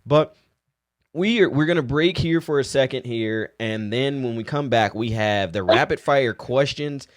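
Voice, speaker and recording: A man's voice: mid-range voice, measured pace, dry recording. A man hosting a podcast, chatting in an easygoing, talkative and upbeat way. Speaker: podcast host. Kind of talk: casual podcast chat.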